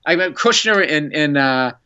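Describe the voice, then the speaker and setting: Excitable man telling a wild story. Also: a little high, moderate pace, clear, resonant tone, highs cut off. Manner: animated, excitable storyteller who acts out quotes. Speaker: guest comedian. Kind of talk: casual storytelling on a podcast.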